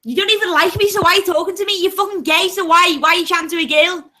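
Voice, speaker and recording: A woman with a high, bright, cutting voice hurls insults in a heated online voice chat. She is combative and abusive, swearing in nearly every sentence and refusing to back down. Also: steady tone, very fast. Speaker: voice chat room participant.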